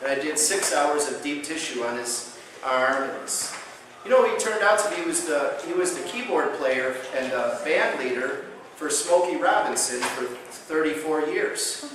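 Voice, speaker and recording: A man lecturing as a chiropractor at a conference, telling a patient story with lively acted-out quotes. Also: normal speed, noisy background. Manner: animated storyteller, acts out quotes with big pitch jumps. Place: conference hall. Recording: very echoey hall, voice from far off.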